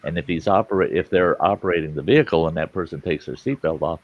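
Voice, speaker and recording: Man, low gravelly voice, animated casual storyteller, dull lo-fi audio. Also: fast talker, no room sound. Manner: animated yarn-spinning, casual cursing. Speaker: storyteller in group chat.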